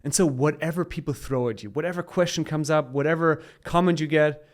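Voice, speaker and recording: A man's voice: fairly high pitch, brisk. A man chatting as a guest on a casual podcast, upbeat and coaching in tone, laughing often as he talks.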